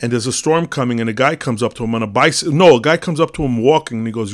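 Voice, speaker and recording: A man's voice: mid-range voice, fast talker, few pauses. A man giving a casual, rambling monologue on spiritual teachings, telling a parable with many fillers and restarts.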